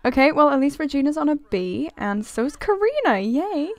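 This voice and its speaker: A young woman creating gaming videos gives casual, giggly let's-play commentary over a life-simulation game, gasping and exclaiming often. Her high voice is very animated at a normal speed, with no room sound.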